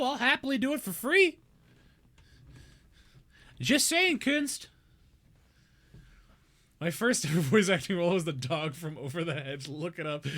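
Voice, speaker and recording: A man streaming a game, chatting casually and telling a rambling, excitable story. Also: sits high. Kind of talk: casual chat.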